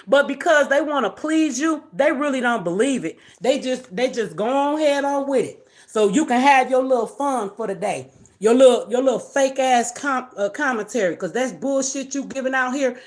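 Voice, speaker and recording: A woman with a high-pitched voice rants on her own live stream, blunt and confrontational as she scolds someone. She talks straight into her camera in a loose, unscripted way. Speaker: livestream host. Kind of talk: livestream rant. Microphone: phone or webcam on a live stream.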